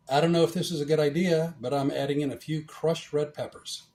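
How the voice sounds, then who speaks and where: A man's voice: a little high, brisk, hardly any pauses, a little mellow, a little hiss or hum. A man hosting a casual cooking demonstration in a home kitchen, joking as he talks through each step. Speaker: cooking show host.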